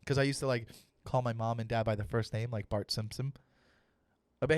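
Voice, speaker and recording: A young man, a comedian hosting his own podcast, ranting loudly in a mock-serious way and swearing for emphasis. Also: medium pitch, fairly even intonation, fairly quick, long pauses, no room sound, clean studio sound. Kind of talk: solo comedic rant.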